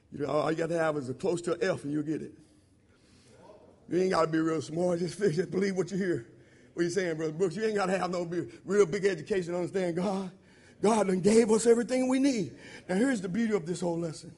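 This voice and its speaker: This sermon comes from a man whose delivery is informal and repetitive, lurching from shouted emphasis down to quiet murmured asides. He speaks fairly quickly, with a breathy edge to his voice.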